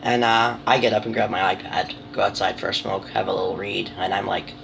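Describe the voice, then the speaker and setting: A woman's voice: extremely low pitch, little pitch movement, brisk, gravelly, background noise. A woman chatting casually to her viewers in a rambling, apologetic, self-deprecating way, swearing now and then. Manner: nervous, apologetic. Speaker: vlogger. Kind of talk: casual chat to camera.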